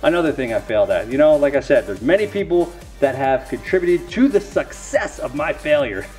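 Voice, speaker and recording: Rambling dad chatting to camera. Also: male voice, fairly high pitch, expressive, a little fast, a little mellow, soft background music. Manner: rambling, self-mocking, folksy asides to viewers. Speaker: dad opening trading card packs on camera. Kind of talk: casual chat to camera.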